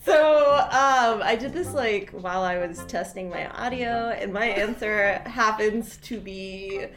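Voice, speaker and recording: A woman's voice: medium pitch, unhurried, over music. A woman telling an embarrassing story in a party game, giggly and rambling with many fillers.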